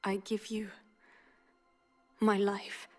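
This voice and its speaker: An actress playing a mysterious solemn woman in a game trailer voice-over, speaking slowly and ceremonially. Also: medium pitch, completely flat delivery. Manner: slow, hushed and ceremonial. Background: trailer music.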